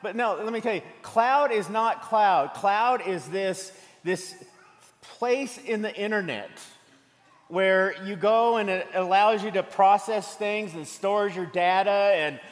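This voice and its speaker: A man preaching a sermon as pastor, mixing jokes and stories into his message in a church. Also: high-pitched. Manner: humorous, storytelling. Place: church sanctuary. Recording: long hall reverb from a church sanctuary.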